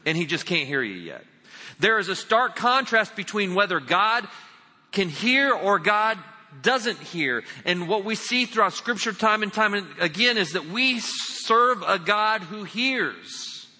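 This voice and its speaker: Man, pastor, sermon, emphatic, bright voice, long hall reverb. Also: sits high, big pitch swings, measured pace. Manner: emphatic, addresses listeners as friends.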